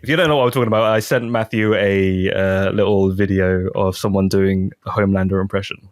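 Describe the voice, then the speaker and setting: A man's voice: low-pitched, steady tone, a little fast, clear, resonant tone. A man co-hosting a podcast, chatting casually and playfully, with the odd joke voice. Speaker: podcast co-host. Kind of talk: casual chat.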